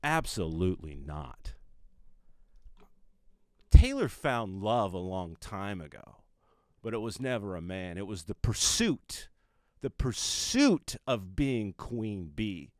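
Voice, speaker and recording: A low-voiced male comedian delivering a mock-serious rant, his voice swinging widely between booming lines and near-mutters. The sound is close and dry. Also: very animated, darkish tone, no echo. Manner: mock-serious, dramatic pauses, drops to a mutter. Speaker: comedian host. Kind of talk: comedic monologue.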